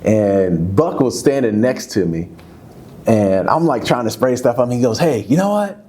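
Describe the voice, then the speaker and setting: A man in his fifties, a former football player, telling stories in a candid, casual interview, his voice jumping high when he gets excited. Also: moderate pace, a little hiss or hum. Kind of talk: candid conversational storytelling.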